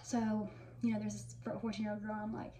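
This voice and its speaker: A woman's voice: mid-range voice, flat delivery, brisk, warm tone. A woman of about twenty telling fan memories in a casual, gushing way, full of fillers. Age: around 20. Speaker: vlogger. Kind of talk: casual reminiscing monologue. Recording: echoey room, mic at a distance, faint noise.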